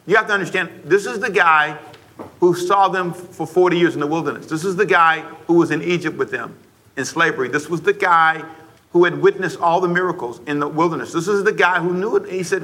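A man preaching with a high, bright voice. He drives his points home with repeated phrases and keeps calling on his congregation to say the lines back with him. His delivery is emphatic and pulpit-ready. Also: a little fast. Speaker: pastor. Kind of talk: sermon. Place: church before a congregation.

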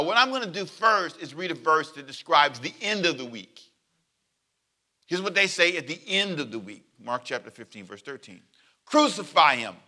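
A male pastor delivers a sermon in a very bright, somewhat high voice. He is animated, acts out the voices in his stories, and pulls the congregation into call and response. He jokes easily between points.

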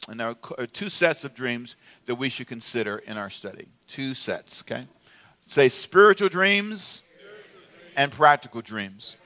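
Playful, bright-voiced male pastor preaching. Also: mid-range voice, lively intonation, unhurried. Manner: humorous, playful, audience call-and-response. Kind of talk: sermon.

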